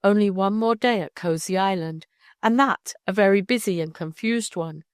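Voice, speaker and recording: A woman narrating a classic novel as an audiobook in a calm, measured reading. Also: mid-range voice, clear, resonant tone, dry recording, clean studio sound.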